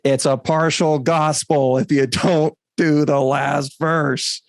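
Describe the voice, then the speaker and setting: A man imitating a pushy male Bible teacher who presses his point hard and won't let it go. His voice sits a touch higher than usual, with a dry, close sound. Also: fairly even intonation, slow pace, no room sound. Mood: insistent. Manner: insistent, urging.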